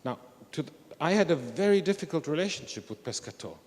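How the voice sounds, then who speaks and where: A man's voice: on the high side, lively intonation, quick pace, darkish tone. An older man giving a reflective, candid talk at an academic conference. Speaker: conference speaker. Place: large historic hall. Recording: long reverb of a large hall.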